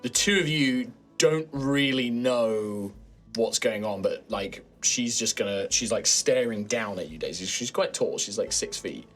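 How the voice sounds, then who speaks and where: A man with a British accent, narrating a tabletop game as dungeon master in a relaxed, rambling way. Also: fairly low pitch, measured pace, soft background music. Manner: relaxed, rambling description with many fillers.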